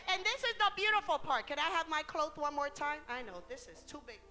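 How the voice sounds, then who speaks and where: A woman's voice: high voice, lively intonation, normal speed, pushed and bright. A woman preacher giving a bilingual sermon in a church, switching between Spanish and English phrase by phrase, rising and falling in intensity and drawing out key words.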